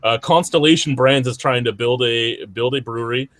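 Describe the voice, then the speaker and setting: A man's voice: medium pitch, moderate pace, a bit bright, no echo. A man co-hosting a casual podcast, reading news items aloud with a rambling, stop-and-start manner. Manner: rambling, lots of fillers and restarts while reading. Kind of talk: casual chat.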